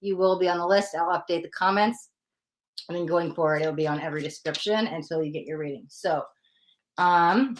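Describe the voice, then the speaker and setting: Hosting a tarot livestream, a woman with a lowish voice talks at a moderate pace, keeping the chat casual. She giggles a lot and is self-deprecating as she chats with her audience.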